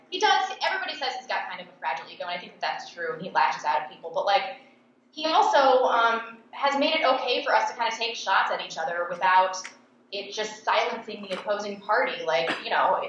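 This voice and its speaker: A woman speaks with a bright, forceful edge and a blunt, sarcastic delivery. The recording is very echoey and slightly dull in tone. She answers interview questions as a commentator, animated and opinionated. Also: medium pitch, a little hiss or hum. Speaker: political commentator and podcast host.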